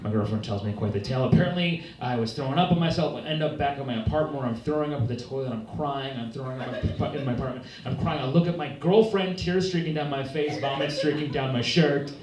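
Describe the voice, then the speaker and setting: A young man doing a stand-up set on a club stage, telling deadpan, self-deprecating stories. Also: medium pitch, fast, hardly any pauses, crowd noise. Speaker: stand-up comedian. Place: comedy club stage, live audience. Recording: roomy live club recording from far off. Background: audience laughter.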